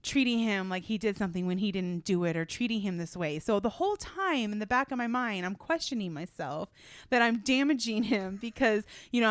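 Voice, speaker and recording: A woman in her thirties co-hosting a podcast, chatting casually and telling animated stories with frequent laughter. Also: mid-range voice, clear, resonant tone, no echo, studio quality. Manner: laughs often, animated storytelling. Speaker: podcast co-host. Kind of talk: casual chat.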